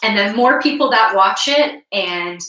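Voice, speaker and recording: A woman's voice: mid-range voice, lively intonation, unhurried, pushed and bright. A woman chatting frankly on a live stream, giggling often and swearing casually. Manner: giggly, laughs often between phrases. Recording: roomy echo, mic at a distance.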